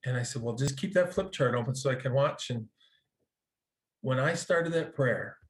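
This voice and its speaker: A man telling a personal story in a casual, animated way, acting out quoted dialogue, with frequent restarts. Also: medium pitch, normal speed. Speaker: guest telling a conversion story.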